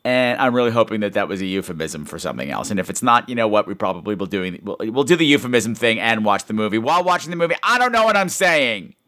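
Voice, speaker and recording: A man's voice: lowish voice, very animated, fast talker, hardly any pauses, bright, forceful tone. A man hosting a horror movie podcast in casual chat, rambling with self-mocking jokes and reading listener emails aloud. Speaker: podcast host.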